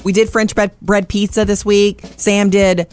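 A woman's voice: medium pitch, little pitch movement, a little slow, darkish tone. A woman co-hosting morning radio, chatty and upbeat in friendly banter. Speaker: radio co-host.

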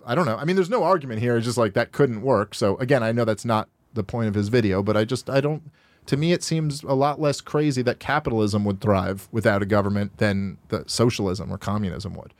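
A man hosting a podcast from a studio, pausing a video to argue against it. He sounds exasperated and his voice climbs high whenever he pushes back. The sound is dry and close, with almost no room around it. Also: no echo. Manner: exasperated, rising sharply in pitch when rebutting. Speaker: podcast host reacting to a video. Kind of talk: argumentative commentary on a played clip.

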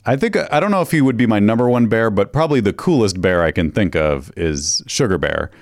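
A man co-hosts a podcast in a relaxed chat, chuckling as he goes. His voice sits very low. The recording is close and dry. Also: a little fast, no room sound. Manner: easygoing, chuckling. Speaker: podcast co-host. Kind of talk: casual chat.

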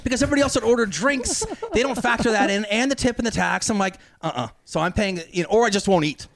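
A middle-aged man chatting as a podcast guest, an animated storyteller who acts out the lines he quotes. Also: high-pitched, fast talker, vocal fry, crowd noise. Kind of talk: casual chat. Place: podcast studio.

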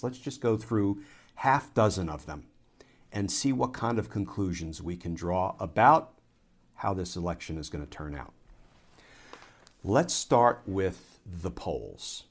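A man, a former Army lawyer, giving a political commentary monologue in a measured, explanatory courtroom style. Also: lowish voice, creaky.

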